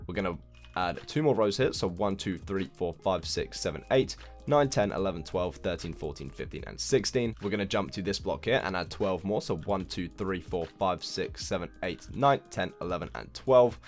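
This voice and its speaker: A young man hosting a building game tutorial, chatting casually and poking fun at himself while counting blocks out loud. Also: low voice, expressive, moderate pace, faint music behind. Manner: chatty, self-deprecating, counts blocks aloud. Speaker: Minecraft building tutorial host. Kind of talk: casual gameplay tutorial commentary.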